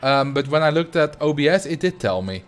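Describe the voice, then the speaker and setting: A man with a Dutch accent chatting casually while he livestreams a game, rambling and thinking out loud at a desk mic. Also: on the high side, big pitch swings, fairly quick, faint music behind. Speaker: streamer.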